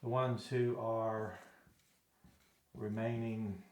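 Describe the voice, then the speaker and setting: A man's voice: on the low side, level tone, drawn-out words. A man from Arkansas teaching a classroom Bible Greek lesson, rambling and correcting himself with folksy asides. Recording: echoey room.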